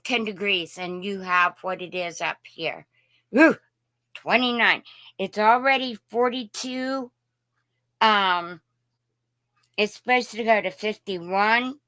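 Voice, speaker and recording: A woman hosts a casual morning live stream and greets each viewer by name in a friendly, folksy way. She talks slowly and unhurriedly, in a bright voice pitched a little high. The recording is dry and close, with no room echo. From Indiana.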